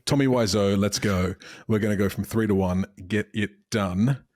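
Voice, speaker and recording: A man's voice: on the low side, normal speed, a little mellow, no room sound, clean studio sound. A man hosting a podcast in laid-back, jokey casual chat. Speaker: podcast host.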